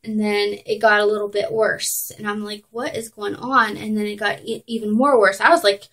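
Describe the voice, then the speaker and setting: A young woman vlogging at home, telling a personal story in a chatty way, full of "like" and "um" and quick laughs. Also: mid-range voice, level tone, a bit bright, rough recording. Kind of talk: casual storytelling to camera.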